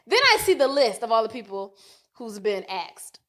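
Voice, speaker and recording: A woman, telling a story on a podcast in a casual, animated, profane rant. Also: a little high, normal speed. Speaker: podcast co-host.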